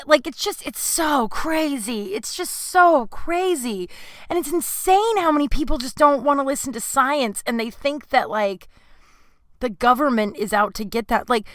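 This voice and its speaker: A woman's voice: mid-range voice, pushed and bright, no echo. A woman hosting her own podcast, talking in a rambling, candid way with many fillers and sudden bursts of exasperation. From California. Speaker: podcast host. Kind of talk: casual solo podcast monologue.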